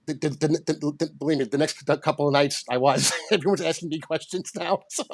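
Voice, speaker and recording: A man voicing a lovelorn male puppet, talking fast in a high, stammering puppet voice. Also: gravelly, no room sound. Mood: bantering. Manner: fast, stammering, laughing self-defense. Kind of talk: casual chat.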